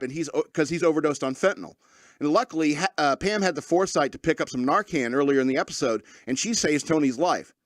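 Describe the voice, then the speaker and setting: A man's voice: on the high side, no room sound, studio quality. A man hosting a comedy radio show, rambling through a monologue with lots of fillers and restarts.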